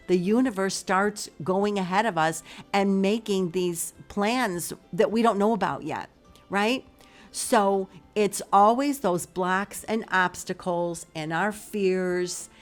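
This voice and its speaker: A middle-aged woman and spiritual life coach, telling a story in a chatty, casual way and acting out both sides of the conversation. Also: lowish voice. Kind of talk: casual motivational monologue.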